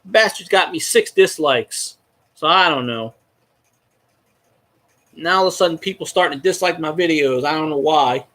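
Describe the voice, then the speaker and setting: A man's voice: fairly high pitch, moderate pace, long pauses, fairly bright tone. A man, a fan vlogger rambling and swearing as he chats with viewers on a casual livestream. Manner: rambling, profane, talks to viewers in chat.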